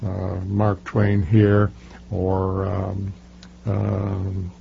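A man's voice: sits low, completely flat delivery, extremely slow, creaky, slight background noise. An older man, an author being interviewed, telling stories emphatically with many fillers and restarts. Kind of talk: casual interview talk. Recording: muffled lo-fi recording.

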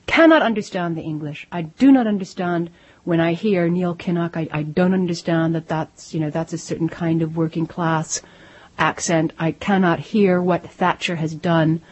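Breathy middle-aged woman from Pennsylvania. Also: fairly low pitch, moderate pace. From Lancaster, Pennsylvania. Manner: animated, self-interrupting, laughs easily. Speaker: author guest. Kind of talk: radio interview conversation. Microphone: studio microphone.

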